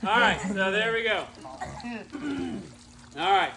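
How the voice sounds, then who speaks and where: A man with a very high voice tells a Bible story at an unhurried pace, drawing a group of listeners into acting it out. He keeps directing them to echo lines back to him. A noisy crowd of teenagers chatters and laughs around him. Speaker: youth club speaker. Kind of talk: animated Bible storytelling with audience acting parts. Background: crowd of teenagers echoing and laughing.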